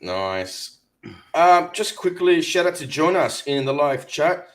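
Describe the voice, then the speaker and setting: Male co-host, upbeat announcer-style chat reader, slightly high voice. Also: sing-song, slow pace. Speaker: co-host reading live chat. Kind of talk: casual live-stream chat.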